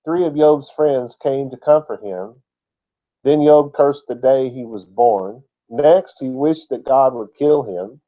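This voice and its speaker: A man teaches scripture in a conversational sermon style, often pausing for rhetorical questions. His voice sits at a middle pitch. The recording sounds dull and lo-fi. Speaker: Bible teacher.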